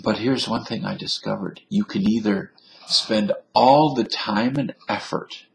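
A man's voice: on the low side, vocal fry. A man talking alone to his webcam indoors, musing in a wry, self-mocking way. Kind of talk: rambling webcam monologue. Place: indoors at a computer.

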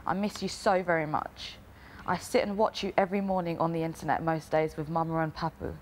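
A woman's voice: low-pitched, steady tone, fairly quick, a little mellow, slight background noise. A young woman, a reality show contestant, reading a family letter aloud in an emotional way. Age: young adult. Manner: emotional, breaking into laughter while reading.

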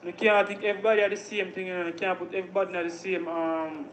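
A man's voice: high voice, flat delivery, fast, a bit bright, reverberant, slight background noise, poor audio. A Jamaican man leaving a voice message, begging the host again and again to connect him with a lady. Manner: begging, repetitive. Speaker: caller.

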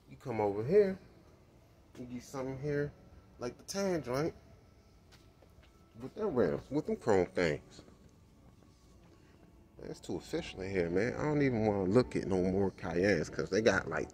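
A man's voice: on the low side, moderate pace, pauses often, slight background noise. Upbeat slangy man in a showroom. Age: adult with kids. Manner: excited, slangy, repeats "man" a lot. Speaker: vlogger touring a car dealership. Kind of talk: casual walkaround vlog. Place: indoor car showroom.

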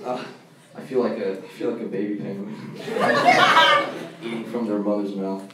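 A young man performing stand-up comedy and emceeing a college show, animated and loud in his bits. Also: fairly low pitch, measured pace. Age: young adult. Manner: animated, shouts during acted-out bits. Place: college comedy club room. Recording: echoey room, mic far off, crowd and noise.

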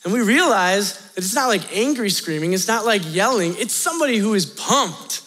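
A man as youth pastor, telling a story in an animated, chatty sermon to students, often laughing and talking straight to them. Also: high voice, moderate pace, breathy edge. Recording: long reverb of a large hall.

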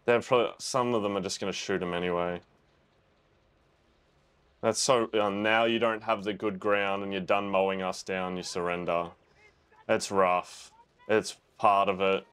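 Watching a movie for the first time, a young reaction video host offers casual commentary, talking freely, exclaiming, and musing aloud. His low voice is steady, clear, and resonant with a slight brightness, at a moderate pace.

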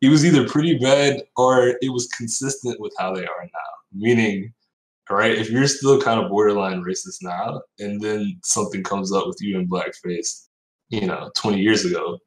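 A man with a low voice works through his argument step by step in a casual podcast talk. His voice echoes in the room around him. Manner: measured, reasoning step by step.

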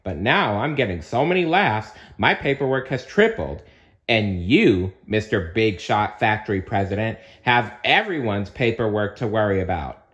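A man reading a storybook aloud, voicing a small, excitable one-eyed male monster with an eager, bouncy delivery. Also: lowish voice, moderate pace.

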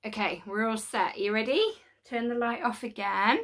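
A woman filming a casual home unboxing vlog, gushing and excitable, sometimes dropping to a whisper. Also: fairly high pitch, normal speed, few pauses. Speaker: unboxing vlogger. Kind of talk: casual chat to camera. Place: home studio.

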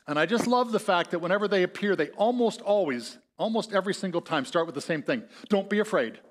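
A man preaching a sermon as pastor, telling the story in a conversational way and acting out the voices in it. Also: a little high. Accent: Upper Midwest American. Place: church sanctuary.

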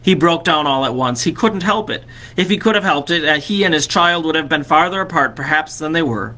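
Bright-voiced man reading a storybook aloud. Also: a little high. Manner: expressive reading, slowing on key phrases. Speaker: vicar.

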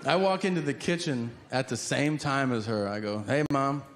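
A man's voice: mid-range voice, expressive, moderate pace. A man doing a crude stand-up comedy set, telling stories with big acted-out quotes. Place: comedy venue stage with audience. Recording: live stage with long reverb and hum.

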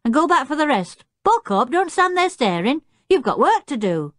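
A woman voicing a cheerful circus boy who is proud of his chimpanzee, talking in a bright, eager, chatty way. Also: medium pitch, sing-song, normal speed, no echo, clean studio sound, pitched above the performer's own voice, lightly acted.

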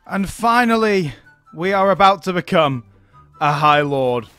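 A man with a fairly high voice talks through his strategy game in a chatty, easygoing way and chuckles often as he goes. He is recorded close and dry on a desk mic. Faint game music plays underneath. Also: animated, unhurried, bright, forceful tone, clear, resonant tone, no echo. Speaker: gaming YouTuber. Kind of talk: gameplay commentary.

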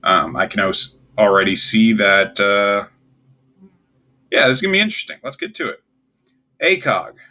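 A man's voice: fairly low pitch, sing-song, moderate pace, long pauses, sharp tone. A young man hosting a casual solo video, ranking words with offhand, puzzled and wry asides. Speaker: tier list video host.

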